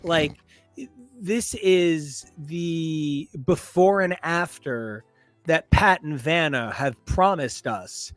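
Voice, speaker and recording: A man's voice: a little high, very slow, no room sound, soft background music. A man co-hosting a casual podcast, joking and making puns in a playful way. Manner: jokey, punning, playful. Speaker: podcast co-host. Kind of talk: casual comics discussion.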